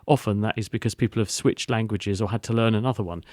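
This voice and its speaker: A man's voice: lowish voice, fast talker, a little mellow, dry recording. A man hosting a science podcast, explaining in a string of rhetorical questions and answers.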